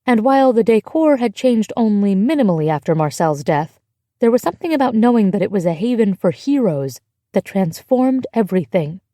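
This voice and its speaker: A woman narrating a novel as an audiobook, in a measured, emotive storytelling manner. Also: mid-range voice, expressive, dark tone, no echo, studio quality. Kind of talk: scripted narration.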